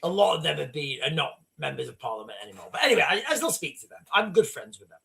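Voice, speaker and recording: A northern English man hosting a livestream, giving fast, rambling political commentary with many restarts. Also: a little high, big pitch swings, vocal fry, bright, forceful tone. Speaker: livestream host.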